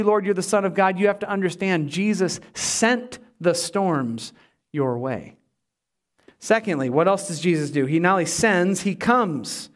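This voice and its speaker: High-voiced man preaching a sermon. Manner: conversational, self-deprecating storytelling. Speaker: pastor.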